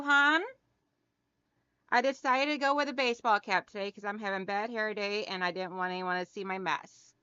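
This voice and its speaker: Bright-voiced chatty woman quilting host. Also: high-pitched, clear, resonant tone, no echo, highs cut off. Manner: chatty, greets viewers by name, calls them hon and girl. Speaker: craft channel host. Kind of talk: casual livestream chat while hand quilting.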